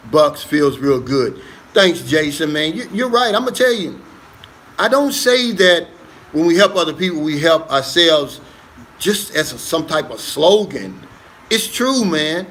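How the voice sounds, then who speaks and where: A man's voice: high-pitched, pushed and bright. A man hosting a casual livestream on his phone, reading viewer comments aloud and answering them in an earnest, easygoing way. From United States. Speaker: livestream host.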